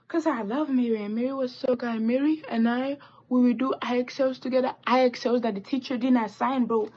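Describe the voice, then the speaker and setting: A teenage girl telling a rambling, animated story while doing her makeup, with swearing and asides. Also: fairly high pitch, brisk, highs cut off. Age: teens. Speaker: vlogger. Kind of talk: chatty get-ready-with-me story time.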